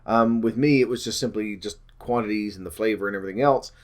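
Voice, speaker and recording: A man's voice: lowish voice, fast talker. A man talking casually to camera in a weight-loss vlog, rambling with many ums and self-corrections and joking about his own slips.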